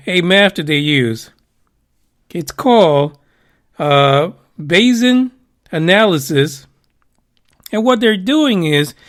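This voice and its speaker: A man hosting a casual talk show, rambling with profane joking asides. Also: high voice. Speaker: podcast host. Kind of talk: casual radio show chat.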